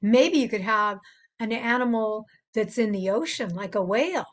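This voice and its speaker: An older woman presenting to children in a gentle, playful teaching manner, stopping to imitate animal sounds. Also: a little high, normal speed, slight background noise. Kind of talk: gentle instructional talk to children.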